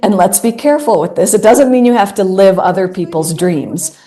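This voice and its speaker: A woman's voice: medium pitch, lively intonation, brisk, dark tone. A woman in her thirties giving an earnest inspirational talk, repeating phrases for emphasis. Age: 30s. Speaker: speaker.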